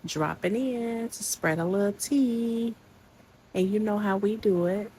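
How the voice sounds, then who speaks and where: A woman's voice: mid-range voice, unhurried, dark tone, a little hiss or hum, low-quality recording. A woman hosting a commentary channel, reacting in a casual, slangy, indignant scolding way.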